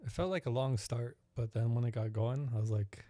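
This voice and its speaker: A man's voice: medium pitch, brisk, dark tone, dry recording. A man co-hosting a casual movie review podcast, laid-back and playful, laughing often. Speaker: podcast co-host.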